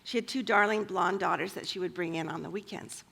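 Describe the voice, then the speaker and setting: Chatty woman with a creaky, husky voice. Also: on the low side, brisk, fairly bright tone. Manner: chatty, with frequent fillers. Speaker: speaker at a church women's gathering. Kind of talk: personal storytelling talk.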